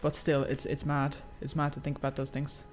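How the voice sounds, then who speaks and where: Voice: medium pitch, monotone, a little fast, soft background music. A game streamer chatting casually while playing, slangy and profane, reading chat aloud and rambling with many fillers.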